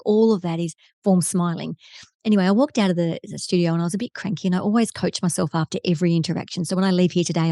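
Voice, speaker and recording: An Australian woman, a TV presenter and keynote speaker, telling an effusive, animated story in a podcast interview. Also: fairly low pitch, no room sound, clean studio sound. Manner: effusive, animated storyteller who voices quoted people. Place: podcast studio.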